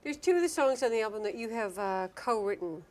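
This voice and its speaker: Brief: high-pitched female talk host, playful and chatty. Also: expressive, quick pace, darkish tone. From Canada. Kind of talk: casual interview chat.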